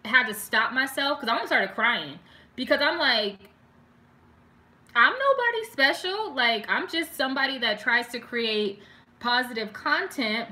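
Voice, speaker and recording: A woman's voice: on the high side, moderate pace, sharp tone. A young woman chatting live with her viewers, talking emotionally and full of "like," stopping now and then to read their comments. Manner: chatty and emotional, heavy use of "like", reads viewer comments aloud. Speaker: beauty vlogger doing a live stream. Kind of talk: casual chat with live viewers.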